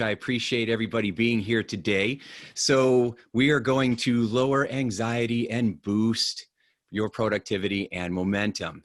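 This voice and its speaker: A man giving a motivational presentation in a conversational, energetic way, with lively storytelling. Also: fairly low pitch, no echo, clean studio sound. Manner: energetic, conversational, animated in stories. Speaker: motivational speaker.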